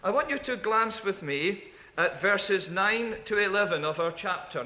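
Emphatic preacher in an echoey hall. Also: male voice, sits high, lively intonation, measured pace. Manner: emphatic, repeats key phrases, drops to hushed asides. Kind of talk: sermon.

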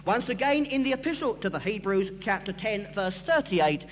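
A man with a very high, lively voice preaches emphatically, swooping up and down as he presses each point home. His words ring out with a long reverb through a large hall. A faint hum sits underneath. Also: moderate pace. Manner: emphatic, rising and falling delivery. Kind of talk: expository sermon.

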